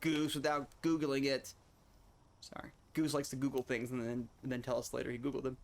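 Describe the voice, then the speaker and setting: A man's voice: medium pitch, flat delivery, fairly quick. A man streaming a video game, chatting casually and rambling with restarts and asides to his viewers. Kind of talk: casual gameplay commentary.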